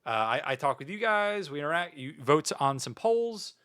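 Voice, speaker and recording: A man's voice: fairly high pitch, big pitch swings, normal speed, fairly bright tone, clear, resonant tone. A man chatting casually on a livestream as a VTuber, playful and mock-grandiose, swearing often. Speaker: VTuber streamer.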